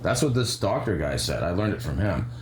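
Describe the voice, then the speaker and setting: A man giving sarcastic, rambling commentary, animated and fond of mimicking voices. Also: sits low, fairly quick, echoey room, noisy background. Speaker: commentary vlogger.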